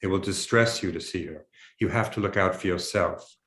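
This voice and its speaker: Brief: haughty upper-class English mother, hushed and cutting, low voice, roomy echo, as a male reader puts her on. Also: moderate pace. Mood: grave.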